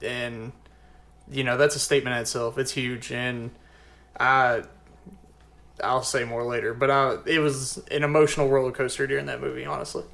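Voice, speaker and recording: A man's voice: medium pitch, little pitch movement, moderate pace, gravelly, fairly bright tone. A man guesting on a casual movie podcast, speaking in an earnest, rambling way. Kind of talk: casual chat.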